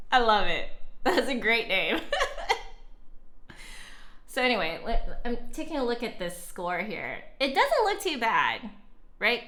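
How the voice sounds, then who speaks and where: Very animated and unhurried, the young flutist streamer pauses often as she talks, her voice on the high side, pushed and bright. She giggles a lot, reads the chat aloud, and is a little out of breath while chatting casually.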